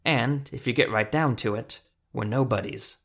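A man's voice: mid-range voice, moderate pace, natural voice. A man voicing an earnest wary craftsman. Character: young male craftsman, wary, polite, nervous.

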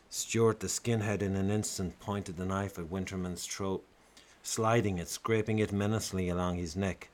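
A man's voice: sits low, fairly even intonation, moderate pace. A man narrating a comic story in a wry, theatrical way.

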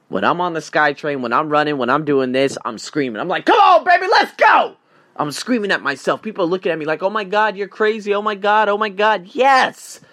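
A man talks through a solo podcast monologue with a lively, widely swinging pitch. He jumps from loud emphatic bursts down to hushed, reflective stretches. The sound is close and dry. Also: dry recording. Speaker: podcast host.

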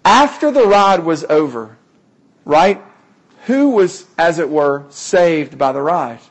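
A man preaching a sermon, earnest and emphatic, often repeating key phrases for weight. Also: high-pitched.

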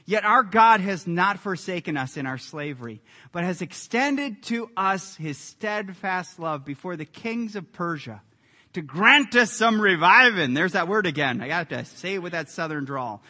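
A man preaching a sermon as a pastor, earnest and emphatic, building to loud peaks. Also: high voice, lively intonation, normal speed. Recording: echoey hall reverb.

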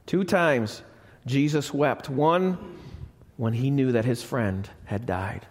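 A man's voice: mid-range voice, slow. A male pastor preaching a sermon. He speaks with emphasis, repeats key phrases and asks the congregation questions. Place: church. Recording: live church recording with long reverb.

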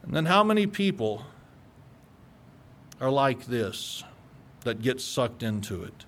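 A man's voice: medium pitch, big pitch swings, slow pace, fairly bright tone. A male pastor preaching a sermon in an earnest, conversational way that climbs into emphatic peaks.

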